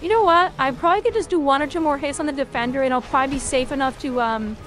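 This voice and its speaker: A young woman streaming a video game, reacting loudly, cursing and cheering at each moment of play. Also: sits high, fast, soft background music. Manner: excitable, swears a lot, reacts loudly to the game. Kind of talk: live gameplay commentary.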